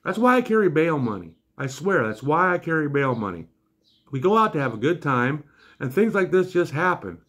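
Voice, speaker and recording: A man's voice: fairly high pitch, sing-song, normal speed, a bit bright. An older man, a grandfather, tells a comic story with a wry, exasperated manner.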